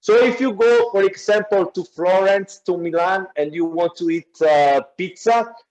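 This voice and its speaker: A man with a noticeable Italian accent talks haltingly over a video call. His voice sits a bit high, and his explanations are broken up by frequent filler sounds. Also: a little mellow, low-quality recording. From Naples, southern Italy. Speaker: guest speaker. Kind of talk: explaining pictures in an online class.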